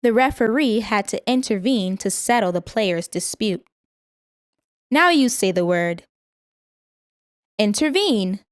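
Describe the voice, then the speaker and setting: Woman reading vocabulary words slowly. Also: mid-range voice, expressive, no room sound, studio quality. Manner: slow, careful word-by-word pronunciation. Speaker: vocabulary teacher. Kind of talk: scripted vocabulary lesson reading.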